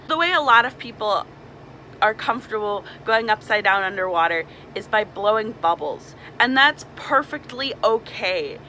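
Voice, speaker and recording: A woman's voice: fairly high pitch, pushed and bright, slight background noise, poor audio. A young woman, a mermaid performer, casually explaining swim tips and demonstrating nasal sounds.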